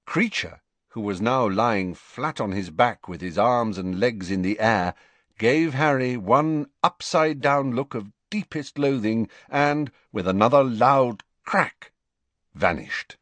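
A man narrating an audiobook in an expressive storytelling manner. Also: medium pitch, takes it slowly, no echo. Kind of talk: scripted narration.

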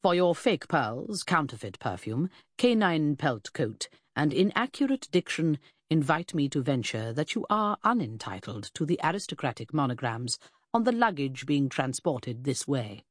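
A woman voicing a haughty, sharp-tongued Victorian male detective in an audiobook, speaking in a precise and imperious way. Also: sits low, big pitch swings, normal speed, no room sound, clean studio sound. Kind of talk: audiobook character voice.

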